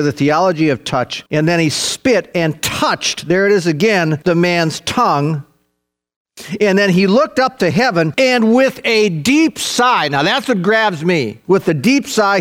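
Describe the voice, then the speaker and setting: An older male pastor delivers a sermon in an earnest, emphatic way, circling back to repeat his key phrases. His voice sits a little higher than most men's.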